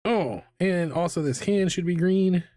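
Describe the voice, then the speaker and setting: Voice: medium pitch, measured pace, dark tone, dry recording. An artist in their thirties chatting casually during a live drawing stream, rambling, repeating words and filling gaps with "like". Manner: chatty and self-deprecating, many fillers and repeated words, hums and laughs.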